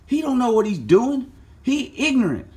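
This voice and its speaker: A man's voice: extremely high pitch, very animated, normal speed, a little mellow, pitched above the performer's own voice. A man putting on a rowdy, slangy, trash-talking character who mocks the host, in a home workshop. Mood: mocking. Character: loud mouthy man mocking the host.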